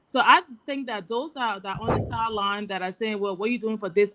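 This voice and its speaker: A woman's voice: mid-range voice, fairly even intonation, brisk, a bit bright, slight background noise. A woman from Liberia, a guest on a video call talk show, making an urgent, rallying appeal to her compatriots.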